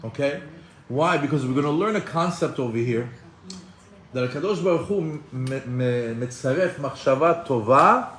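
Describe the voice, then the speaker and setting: A man teaching a Torah class in an animated way, acting out quoted voices and often restarting his sentences. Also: mid-range voice, normal speed, slight background noise. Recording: echoey room with faint ambience.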